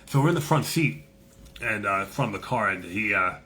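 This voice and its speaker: A man's voice: fairly low pitch, animated, moderate pace, pushed and bright, slight background noise. A man hosting a casual chat, telling a story in a profane, swaggering way and acting out the people in it. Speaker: host.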